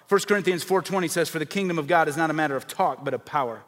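A male preacher with a fairly high-pitched voice delivers an evangelistic sermon. He is emphatic, building to forceful, raised peaks and then dropping low, and he sometimes acts out the voices of doubters. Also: very fast, few pauses.

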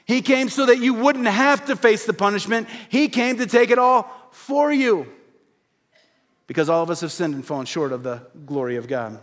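A male pastor preaches a sermon earnestly and directly, posing rhetorical questions and slowing to a quiet emphasis on key phrases. His voice sits high with lively intonation.

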